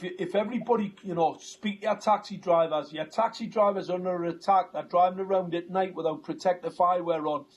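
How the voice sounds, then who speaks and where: This Geordie man from North East England, appearing as a talk-show guest, has a high-pitched, darkish voice. He talks insistently in a conversational way, repeating words when he gets worked up.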